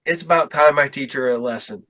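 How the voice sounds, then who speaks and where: A man telling a story in casual podcast chat, acting out quotes with big jumps in pitch. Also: a little fast, sharp tone. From Ohio. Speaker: podcast guest.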